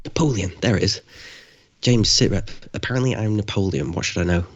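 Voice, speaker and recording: A man's voice: lowish voice, brisk, dry recording, dull audio, close to an everyday voice. A man playing a bewildered exiled leader who stumbles over his words and swears bluntly, in a live comedy script reading. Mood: baffled.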